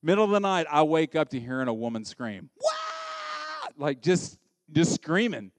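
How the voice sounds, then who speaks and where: A middle-aged American pastor preaching a sermon in a lively, conversational way and acting out voices. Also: male voice, on the high side, normal speed, raised voice, noisy background. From United States.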